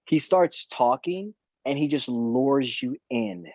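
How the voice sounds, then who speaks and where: A man talks through a video call, relaxed and joking as he tells stories from his career. His voice comes through dull and dry, with little room sound. He speaks at an ordinary pitch. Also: slow pace, vocal fry, dry recording. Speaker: actor guest. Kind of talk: casual podcast chat.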